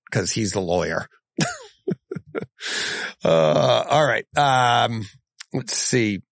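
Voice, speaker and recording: A man hosting a casual solo podcast, reading listener mail in a rambling, self-correcting way and chuckling often, his voice going hoarse. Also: medium pitch, lively intonation, extremely slow, pauses often, no room sound. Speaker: podcast host.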